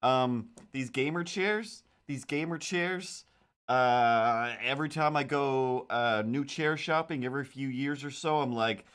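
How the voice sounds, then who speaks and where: A man's voice: medium pitch, a little slow, a bit bright, smooth. A man chatting casually on a live stream while drawing comics, rambling and joking and tripping over his own words, into a desk microphone. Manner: rambling, self-interrupting, jokey.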